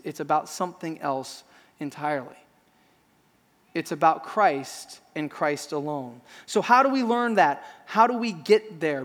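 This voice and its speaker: High-voiced man preaching in a reverberant hall. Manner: animated storytelling with self-deprecating humor. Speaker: pastor. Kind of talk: sermon.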